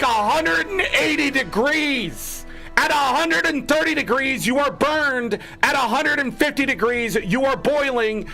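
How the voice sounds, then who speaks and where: A gaming streamer rants angrily to his viewers in a creaky, pushed, bright male voice, swearing freely and mocking the people he disagrees with. When quoting them, he drops into lower tones to ridicule them.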